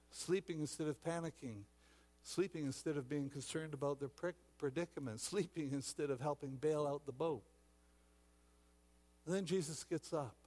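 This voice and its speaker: Male pastor, slightly higher voice, impassioned sermon with frequent restarts. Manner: dramatic, acts out shouting disciples; repeats words, many restarts.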